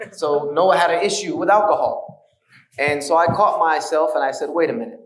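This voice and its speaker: A man's voice: on the high side, a little slow, a bit bright, far from the mic. Man lecturing in an echoey hall. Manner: storytelling, earnest with wry humor. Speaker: speaker giving a lecture on his conversion. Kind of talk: conversational lecture.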